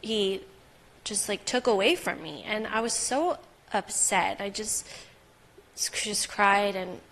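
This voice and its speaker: A woman's voice: medium pitch, slow, fairly bright tone. Young adult woman guest, open and earnest, telling her story in a loose, filler-heavy way. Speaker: podcast guest. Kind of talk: personal story in casual interview.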